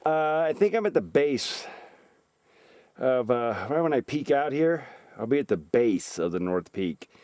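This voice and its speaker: A man narrating his mountain hike to a handheld camera outdoors, talking in a halting way with frequent fillers. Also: mid-range voice, very animated, a little mellow, no room sound, clean studio sound. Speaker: hiker filming his climb. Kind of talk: casual hiking vlog narration.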